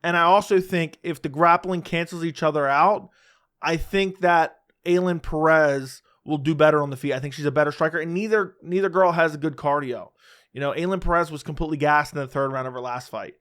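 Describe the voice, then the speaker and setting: A man's voice: fairly high pitch, brisk, fairly bright tone, clear, resonant tone. Blunt, opinionated man breaking down fights. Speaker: MMA fight predictor. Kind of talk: casual solo fight-prediction commentary.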